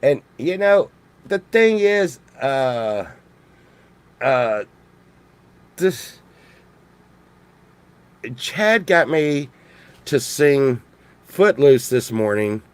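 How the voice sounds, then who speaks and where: A man's voice: mid-range voice, very animated, drawn-out words, long pauses, clean tone. A man from Texas, rambling jokily in a casual monologue full of restarts and swearing. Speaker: vlogger.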